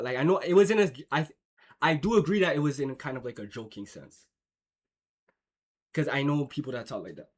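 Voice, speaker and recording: A man's voice: medium pitch, expressive, quick pace. A young man from Jamaica giving casual, slang-heavy reaction commentary, swearing and rambling with lots of filler. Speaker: streamer reacting to a clip.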